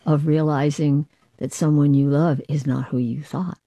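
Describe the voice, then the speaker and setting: A woman interviewer with a slightly low, mellow voice. She asks her guests lively, animated questions and laughs easily. The sound is dry and close. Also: normal speed, dry recording, lo-fi sound. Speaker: interviewer host. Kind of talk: radio interview.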